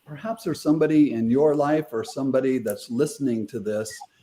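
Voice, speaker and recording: A man's voice: medium pitch, fairly quick, warm tone. A middle-aged man, a guest on an interview show, earnestly retelling a personal story with quoted dialogue.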